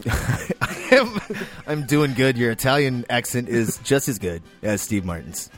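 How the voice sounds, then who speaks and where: A man's voice: mid-range voice, lively intonation, unhurried, soft background music. A man hosting a podcast, chatting casually, laughing and exclaiming as he talks. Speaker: podcast host, film editor. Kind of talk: casual chat.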